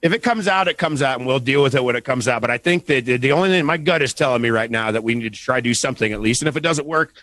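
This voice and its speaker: A man playing a tabletop game, thinking aloud in quick, rambling bursts. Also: mid-range voice, fairly bright tone, no room sound. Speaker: player. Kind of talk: casual tabletop game chat.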